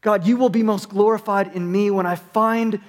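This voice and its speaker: A man's voice: high-pitched, fairly even intonation, normal speed. A man preaching as a pastor in a sermon, conversational with humorous asides, in a church sanctuary. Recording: long hall reverb.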